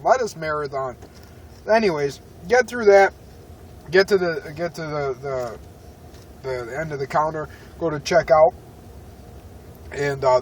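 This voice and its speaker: A man's voice: on the high side, recorded from a distance, slight background noise. A man telling a profane, rambling story in an irritated tone, talking from a parked car. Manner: irritated, swearing, rambling with restarts. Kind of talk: profane ranting story vlog.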